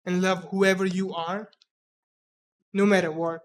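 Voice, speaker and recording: A man in his twenties with a mixed Indian English accent, talking earnestly and haltingly in a personal reflective monologue, often restarting his words. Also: sits high, level tone, clean tone. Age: 20s. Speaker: vlogger.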